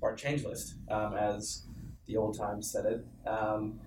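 A man co-hosting a casual tech chat, explaining things in a relaxed way. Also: on the low side, measured pace. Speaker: co-host. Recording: roomy, distant mic, faint background hum.

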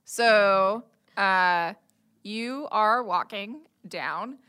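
A woman game master narrating a tabletop game in a loose, rambling way, filling gaps with fillers. Her voice is bright and clear, at a middle pitch. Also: very slow.

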